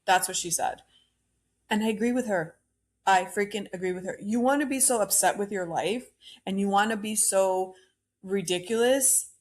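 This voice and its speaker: Speaking at normal speed in a mid-range voice, this Cuban-American podcast host rants on her own about pop culture. She's opinionated and blunt, and she curses freely.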